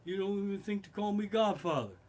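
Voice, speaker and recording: A man putting on the voice of an aging mafia don, speaking softly and deliberately in a raised pitch. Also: close to an everyday voice. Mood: reproachful. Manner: soft, measured and raised in pitch. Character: aging Italian-American mafia don, calm and grave.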